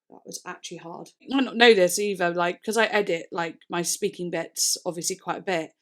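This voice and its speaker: A woman's voice: fairly low pitch, steady tone, normal speed, a bit bright. A young woman from the UK with a British accent, chatting casually in a music reaction vlog, rambling and tripping over her words. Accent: British English. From United Kingdom. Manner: rambling, all over the place, trips over words. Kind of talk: casual chat.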